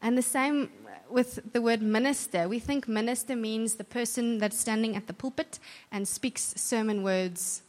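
Her voice is a little high and steady, at normal speed with few pauses, as she gives a church talk. The woman preaches earnestly and warmly in a conversational way, restarting sentences to correct herself, with long hall reverb.

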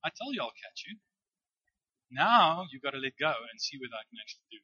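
A man voicing God in a sermon story, calm and steady. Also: medium pitch, brisk, slightly rough, no room sound, exaggerated voice. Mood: calm assurance. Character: God, calm reassuring voice from the dark. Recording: dull, dry lo-fi recording.

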